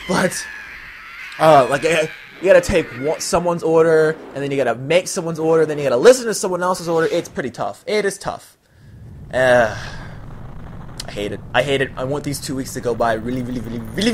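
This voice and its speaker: Young man, from US East Coast, let's play host, rambling, jokey, lively, up-and-down pitch. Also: a little fast, soft background music. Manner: rambling, jokey, easily sidetracked. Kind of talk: let's play game commentary.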